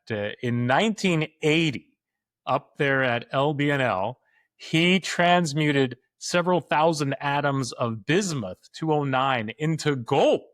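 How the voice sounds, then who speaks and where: A man's voice: mid-range voice, fairly bright tone, dry recording, studio quality. Enthusiastic man co-hosting a podcast. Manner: enthusiastic, laughs often. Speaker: podcast co-host. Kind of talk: casual chat.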